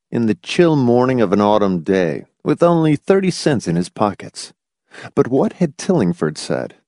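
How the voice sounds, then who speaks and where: A man reading fiction aloud as an audiobook narrator, with a low voice that swings widely in pitch. His storytelling is expressive and dramatic. The recording is dry and close, with no room sound. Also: dry recording. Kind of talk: scripted narration.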